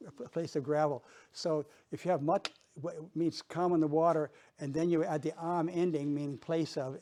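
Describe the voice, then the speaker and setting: An older man speaks to a small group in an informal presentation. He talks haltingly, often repeating words and restarting his sentences. His voice sits a little high, with a mellow, dark tone. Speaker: guest speaker. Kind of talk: informal presentation with audience chat.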